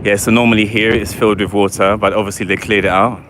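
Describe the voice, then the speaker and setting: Low-voiced guy chatting away on a live walkabout, faint traffic hum outside. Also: level tone, quick pace, a bit bright. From London, England. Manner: chatty and rambling, keeps asking "do you know what I mean". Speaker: livestreamer giving a walking tour. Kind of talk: casual live walking vlog. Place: outdoors in a city park by water.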